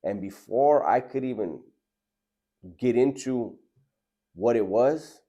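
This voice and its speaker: Laid-back man, dark voice. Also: mid-range voice, slow. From Southern California. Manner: laid-back, slangy, earnest. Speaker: storyteller. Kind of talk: casual personal storytelling.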